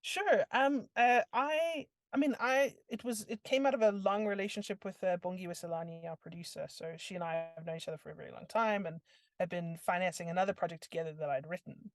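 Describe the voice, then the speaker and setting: Woman, film director guest; casual, filler-heavy, mid pitch, dry mic. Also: fairly quick, dry recording. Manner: thoughtful, many fillers like "like" and "um". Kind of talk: casual interview chat.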